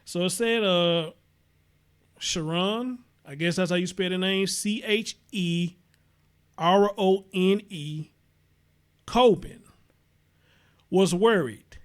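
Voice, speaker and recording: A man's voice: sits high, takes it slowly, long pauses, clean tone. Profane Southern man hosting a livestream. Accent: Southern American. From American South. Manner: profane, blunt, talks to his chat. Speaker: host. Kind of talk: casual livestream commentary.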